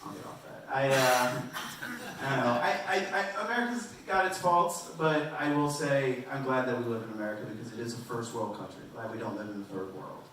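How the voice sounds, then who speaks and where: A man doing a stand-up comedy set in a club, rambling and self-deprecating, with halting restarts. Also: mid-range voice, a bit bright. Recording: roomy and distant, faint noise.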